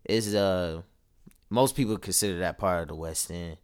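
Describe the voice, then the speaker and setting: Guy on a podcast, chill reflective chat, smooth lowish voice. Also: moderate pace. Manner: laid-back, reflective, trails off and restarts. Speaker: podcast co-host. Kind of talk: casual chat. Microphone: phone-like call audio.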